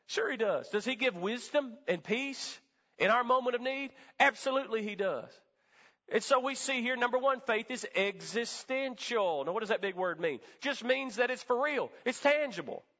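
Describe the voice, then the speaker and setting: A man's voice: high voice, fairly bright tone. A male pastor preaching a sermon in a church, with emphatic call-and-response delivery. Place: church sanctuary. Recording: reverberant hall, dull lo-fi sound.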